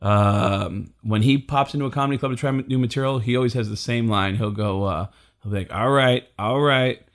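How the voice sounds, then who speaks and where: A man's voice: lowish voice, fairly quick. A male stand-up comedian telling a story in casual chat, acting out the quotes and swearing freely.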